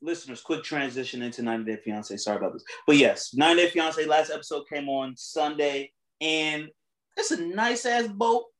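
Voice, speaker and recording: A man's voice: on the high side, a little fast, reverberant. A young man co-hosting a podcast, telling stories in casual, profane chat with bursts of laughter. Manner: animated, profane, laughing storyteller. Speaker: podcast co-host.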